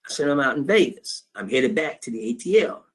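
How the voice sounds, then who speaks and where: In a trading class, a man gives his students a storytelling lecture, speaking a little fast in an animated, medium-pitched voice. His story is blunt and profane, and he acts out both sides of a phone call.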